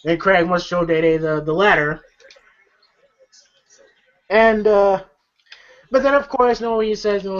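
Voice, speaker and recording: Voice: mid-range voice, expressive, unhurried, long pauses, dull audio. A movie reviewer recapping a film scene by scene in a loose, rambling way, swearing freely and often laughing, with lots of fillers.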